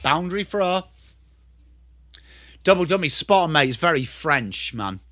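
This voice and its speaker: A high-pitched young Englishman with a bright, forceful tone calls the footy live on his stream. He flips between rapid play-by-play and loose, sweary chat with viewers, all recorded close and dry. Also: very animated, dry recording. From England. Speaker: livestream host. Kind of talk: live football watchalong commentary.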